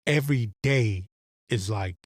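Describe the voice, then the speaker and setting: In a dry, studio-quality recording, a podcast host with a lowish voice speaks at a measured pace. His religious commentary is blunt and profane with a preacherly edge, and he rambles, restarting as he goes.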